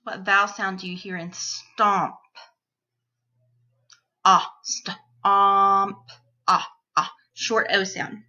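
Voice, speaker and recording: Woman, teacher, phonics lesson, slow deliberate sounding-out, bright tone, muffled lo-fi audio. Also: medium pitch, steady tone, soft background music. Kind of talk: phonics lesson for young children.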